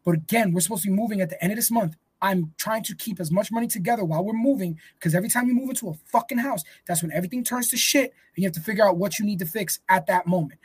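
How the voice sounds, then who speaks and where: A man's voice: sits high, racing, few pauses, slightly rough, no echo. A man co-hosting a podcast in casual chat, rambling and swearing freely. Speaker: podcast co-host.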